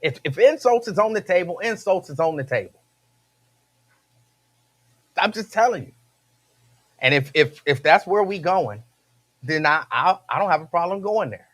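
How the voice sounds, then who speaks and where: A man's voice: sits high, animated, moderate pace, long pauses, fairly bright tone. A man hosting a radio show, talking casually and emphatically, repeating his phrases and laughing between points. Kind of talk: casual talk-radio monologue.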